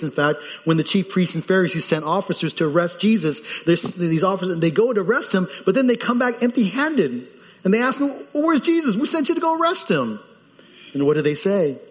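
A man preaching a sermon as the pastor, animated and lively, his voice jumping up when he quotes people in the story. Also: fairly high pitch, in a large hall.

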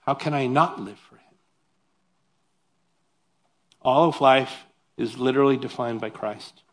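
In a mid-range voice and at a measured pace, a pastor works through a sermon, reading scripture aloud and explaining it. He keeps it animated with funny, self-deprecating asides.

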